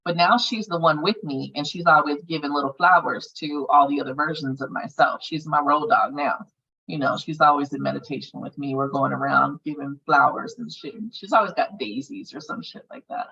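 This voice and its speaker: Bright-voiced, frank woman facilitator. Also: low-pitched, brisk, creaky, husky, distant mic, lo-fi sound. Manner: frank and earthy, swears casually. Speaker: healing circle facilitator. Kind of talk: casual group guidance on meditation.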